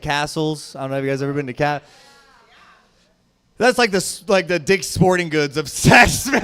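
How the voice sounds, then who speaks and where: A young adult man doing a profane stand-up comedy set on a club stage, swinging between loud shouting and low mutters. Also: smooth.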